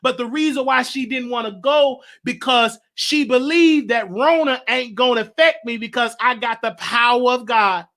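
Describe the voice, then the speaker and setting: A man hosting a casual monologue, animated, stammering and repeating himself. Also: extremely high pitch, normal speed, hardly any pauses. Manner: animated, repetitive, stammering restarts. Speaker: show host.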